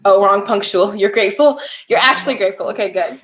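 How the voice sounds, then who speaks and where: A woman's voice: medium pitch, expressive, moderate pace. A woman giving casual live tarot readings, chatty and laughing often as she talks to viewers. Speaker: tarot reader.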